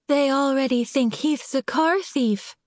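A woman's voice: sits high, unhurried, dry recording, studio quality, voice pushed up. A woman narrator voicing an anxious young woman client who wails and speaks breathily through tears. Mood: tearful. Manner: wailing, breathy.

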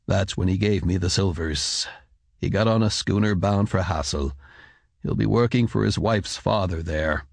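Man doing a tired stoic dad, low and quiet, gravelly and husky. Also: moderate pace, dry recording, studio quality. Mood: subdued. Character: stocky, weary laborer father, quiet and stoic. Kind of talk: audiobook character voice.

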